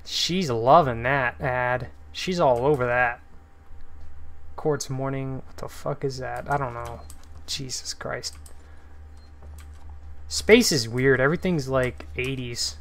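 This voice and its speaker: A man streaming a horror game, giving loose, profane commentary with sudden shouted outbursts. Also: medium pitch, takes it slowly, long pauses. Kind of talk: live gameplay commentary.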